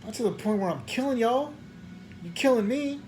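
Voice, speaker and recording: A man's voice: extremely high pitch, lively intonation, normal speed, darkish tone, faint music behind. A man, a preacher venting late at night in rambling, slangy talk full of stammered restarts and frustration. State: tired at night.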